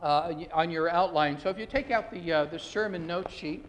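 High voiced pastor man preaching, earnest, lots of restarts, long reverb in a church. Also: brisk, slight background noise. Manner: earnest preaching with filler restarts and rising emphasis. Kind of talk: sermon. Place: church sanctuary.

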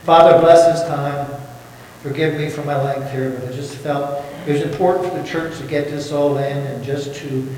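A man's voice rings through a big church sanctuary, caught from a distance with a long, echoing tail. He is a pastor preaching in a folksy way, sitting a little high in pitch and tossing questions out to the congregation. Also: fairly even intonation, moderate pace, a little mellow, a little hiss or hum. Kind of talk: sermon. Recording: echoey church hall from far off.

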